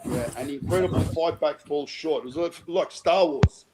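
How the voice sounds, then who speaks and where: A man's voice: on the high side, moderate pace, a crowd in the background, rough recording. A man calling in to a fan stream over an online call, sounding deflated and rambling a little. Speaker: caller. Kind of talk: casual chat on a call.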